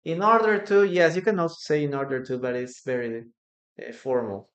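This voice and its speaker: A man teaching English in a live online class, slowly repeating example sentences and stressing them to drill the correct pattern. He is a native Spanish speaker. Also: mid-range voice, steady tone, roomy sound, muffled recording. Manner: slow, repeats example sentences with raised emphasis.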